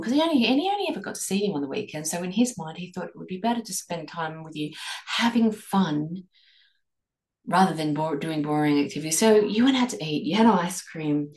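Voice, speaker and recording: A woman hosting a reflective podcast, leading listeners through a string of gentle questions. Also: medium pitch. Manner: asks many guiding questions, gentle restarts. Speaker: podcast host and eating coach. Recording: echoey room.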